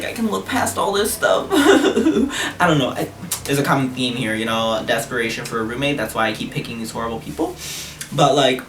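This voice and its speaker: A young man telling a storytime vlog in a sassy, animated way. He swears freely and his pitch jumps high when he gets outraged. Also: far from the mic. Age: young adult. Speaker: vlogger. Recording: roomy echo, a little off-mic, faint hiss.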